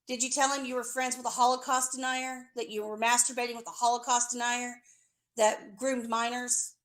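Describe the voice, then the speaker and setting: A woman's voice: a little high, level tone, moderate pace. A woman delivering an accusatory, profane, sarcastic rant straight at someone. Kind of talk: angry confrontational rant.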